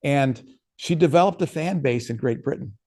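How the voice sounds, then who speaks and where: A man's voice: medium pitch, moderate pace, mellow. A man, an author, giving a casual workshop talk and answering questions, telling stories in a conversational way with frequent restarts.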